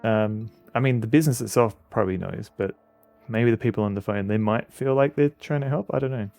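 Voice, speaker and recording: A man with an Australian accent streaming a game, chatting casually in a halting, rambling way with many fillers. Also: on the low side, creaky, darkish tone, faint music behind. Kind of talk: casual commentary while playing a game.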